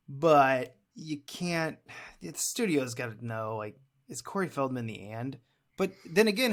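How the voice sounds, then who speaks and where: A man's voice: medium pitch, a bit bright. Chatty man co-hosting a movie podcast. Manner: chatty, rambling, self-deprecating. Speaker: podcast co-host. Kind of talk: casual movie review chat.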